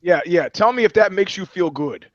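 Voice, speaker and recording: A man's voice: high-pitched, animated, moderate pace, dull audio, a loud crowd. A man co-hosting a comedy podcast, rambling through profane, joking riffs. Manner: rambling, profane, riffing with voices and jokes. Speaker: podcast co-host. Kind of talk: casual comedic chat.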